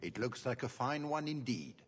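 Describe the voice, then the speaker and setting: An actor playing a pompous aristocratic duke who speaks in florid, courtly phrases. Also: male voice, mid-range voice, sing-song, normal speed, natural voice. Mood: gracious. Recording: long reverb.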